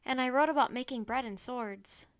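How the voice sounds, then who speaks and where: A woman's voice: high voice, normal speed, clear, resonant tone, no echo, clean studio sound, close to an everyday voice. A woman voicing an earnest, curious young boy who speaks eagerly.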